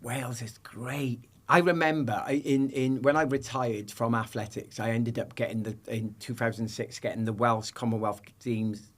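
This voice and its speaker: A middle-aged British man, a podcast guest, telling lively anecdotes in casual chat and acting out the people in them. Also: medium pitch, normal speed, few pauses.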